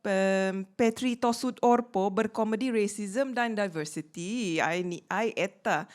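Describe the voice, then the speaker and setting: A woman's voice: medium pitch, unhurried, hardly any pauses. A woman from Malaysia doing playful, teasing, mock-boastful stand-up comedy on a small theater stage.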